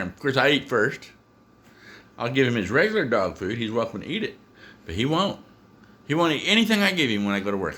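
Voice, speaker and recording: Animated, bright-voiced man telling stories. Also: medium pitch. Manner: animated, chuckling, talks to his dog. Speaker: dog owner. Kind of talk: casual storytelling to camera.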